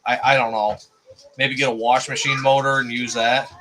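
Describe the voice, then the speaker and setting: A man's voice: medium pitch, flat delivery, moderate pace, bright, forceful tone, slight background noise, rough recording. A man hosting a casual live stream chat, rambling and repeating words as he thinks.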